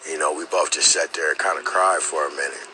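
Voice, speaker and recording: Deep man telling a story. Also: fairly even intonation, noisy background. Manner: halting, repeats words, many fillers; earnest and emotional. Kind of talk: personal storytelling.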